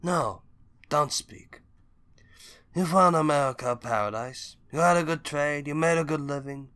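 A proud older crime boss, grave and cold, lifts his voice higher and louder with measured, offended dignity, as a man reading a storybook puts him on. The tone is bright and forceful. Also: clean tone.

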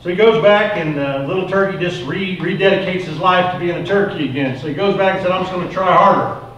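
A man telling a folksy parable as part of a sermon, in an animated, casual way. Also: sits high, fast talker, highs cut off, slight background noise. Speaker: preacher. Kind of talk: sermon storytelling. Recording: echoey room, mic far off.

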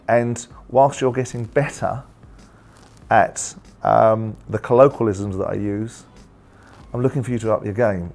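A man speaking as a football pundit in a casual video reply. He delivers dry, measured put-downs in a middle-pitched voice. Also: a little mellow.

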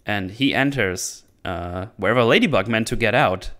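A man's voice: fairly low pitch, lively intonation, moderate pace, fairly bright tone. A man hosting his own channel, recapping a movie in a casual, rambling way, often laughing and acting out characters' lines. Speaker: channel host reviewing a movie.

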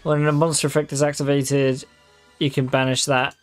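A man's voice: mid-range voice, flat delivery, moderate pace, soft background music. A man giving casual, wry commentary on his own gameplay, swearing freely and talking straight to his viewers. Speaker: gaming video creator.

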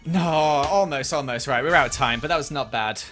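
A man's voice: medium pitch, quick pace, sharp tone, faint music behind. A man chatting through a live game stream, criticizing his own play and flaring up at near misses. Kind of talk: live gameplay commentary.

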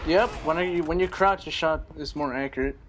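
A young man giving rambling, excitable live commentary while he plays a shooter game, swearing now and then. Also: on the high side, brisk, noisy background. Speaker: gaming channel host.

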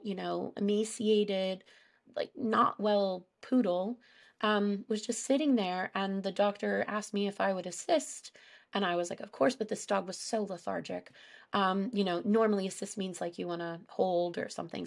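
A woman speaking as a guest on a casual podcast, recounting her experiences openly with plenty of fillers. Her voice has a gravelly, fry-tinged edge at a middling pitch. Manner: candid, storytelling, many fillers. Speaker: guest animal behaviorist.

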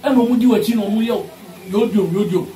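Fiery Ghanaian man, high voice, echoey. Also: quick pace, slight background noise. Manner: forceful, repeats lines for emphasis, mixes English and Twi. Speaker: party supporter. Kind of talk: heated political rant. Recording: echoey room, distant mic, faint ambience.

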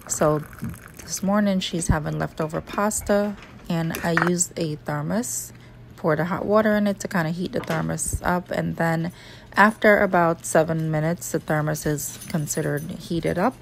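A woman's voice: sits low, moderate pace, vocal fry, slight background noise. A woman in her thirties with a Jamaican accent, chatting casually through her morning kitchen routine as a vlogger. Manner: relaxed, chatty, explaining routine step by step. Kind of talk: casual vlog narration. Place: home kitchen.

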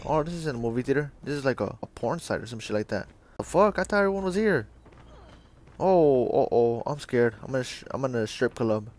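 A young adult man giving casual, joking, profane commentary while playing a shooter game. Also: mid-range voice. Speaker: gamer.

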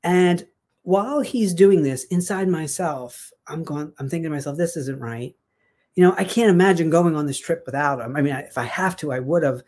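A woman telling a personal story in a casual, chatty way, animated and full of fillers and restarts. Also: low voice, normal speed. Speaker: guest sharing a success story.

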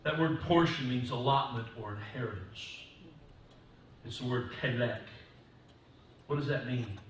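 A male pastor giving a sermon in a church, moving from quiet talk to loud preaching. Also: medium pitch, a little slow, a little hiss or hum. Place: church sanctuary. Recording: distant mic in echoey church hall.

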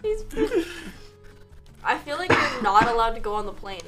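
Playful young woman, bright high voice. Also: sing-song, moderate pace, faint music behind. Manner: playful, exclaiming. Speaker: streamer. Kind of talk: casual chat.

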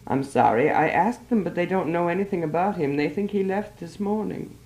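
A woman's voice: fairly low pitch, fairly quick, a little mellow, lightly acted. A woman voicing an anxious young woman searching for her missing fiancé, pleading and urgent. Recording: roomy old archive recording.

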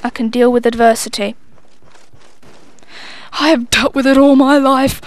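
In a slightly high voice with fairly even intonation, a young woman gives live gameplay commentary at a measured pace with long pauses, and there's no room sound. She swears freely and mocks herself as she plays.

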